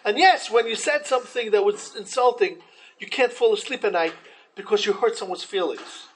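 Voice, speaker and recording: A man teaching a Torah class in an animated way, restarting often and acting out quotes. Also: high-pitched, moderate pace, slight background noise, low-quality recording.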